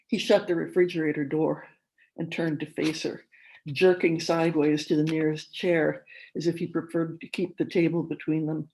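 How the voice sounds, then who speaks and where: Woman reading a story aloud, measured. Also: deep voice, darkish tone, rough recording. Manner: measured literary narration. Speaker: conference speaker.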